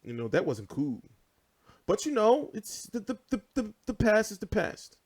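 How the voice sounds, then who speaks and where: A boxing-show host in his 20s swears freely while telling animated stories during a relaxed livestream chat. He has a high voice and a moderate pace.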